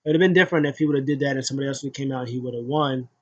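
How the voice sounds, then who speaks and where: A man's voice: mid-range voice, racing, highs cut off. A man casually recapping a wrestling show, rambling with many fillers and restarts and acting out what people said.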